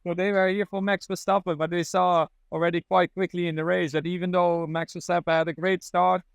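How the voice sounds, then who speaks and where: A man's voice: sits high, little pitch movement, fairly quick, vocal fry, clear, resonant tone, no echo. Enthusiastic male racing reporter. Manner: enthusiastic, non-native phrasing. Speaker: motorsport reporter, co-host. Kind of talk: casual on-site chat. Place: outdoors at a race paddock.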